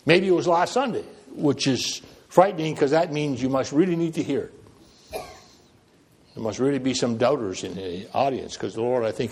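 A man preaching a sermon, swinging widely between loud emphatic phrases and quiet ones, with conversational asides and self-deprecating humor. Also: slightly rough. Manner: dramatic, with wide swings in pitch and loudness.

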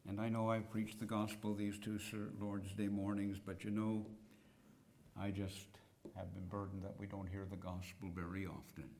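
A man preaching a sermon, slow and dramatic, rising to loud cries and dropping to hushed whispers. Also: lowish voice, flat delivery, slight background noise.

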